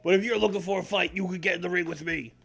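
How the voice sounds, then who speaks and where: A man voicing a stern male wrestler who firmly and forcefully calls out a rival. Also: high voice, steady tone, very fast, gravelly, soft background music, voice pushed up. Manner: firm, forceful.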